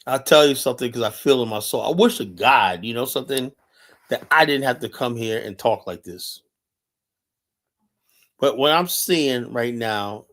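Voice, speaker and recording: A man's voice: medium pitch, a bit bright. A man in a mid-range voice gives an urgent, emphatic live-stream monologue. He keeps circling back to his points with "you know" and "right?" fillers. His delivery is passionate and conversational rather than scripted. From United States. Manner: urgent, emphatic, repeats himself with many fillers. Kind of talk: impassioned monologue commentary.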